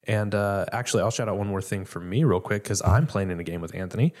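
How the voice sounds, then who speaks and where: A man's voice: on the low side, quick pace, darkish tone. A man hosting a casual podcast interview, chatty and upbeat. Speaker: podcast host.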